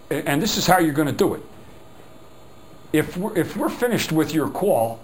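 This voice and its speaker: A man's voice: on the high side, a little hiss or hum, low-quality recording. A man teaching a sales workshop, talking in a loose, rambling way full of "you know" and breaking into emphatic, exasperated remarks. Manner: folksy, rambling with many "you know" fillers. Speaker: sales trainer. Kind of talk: workshop lecture.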